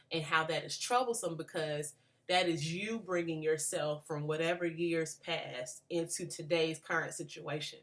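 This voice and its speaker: A woman in her late twenties, a graduate student, speaks in a low, slightly bright voice. She shares an earnest, considered reflection on a book for a class, with many restarts along the way.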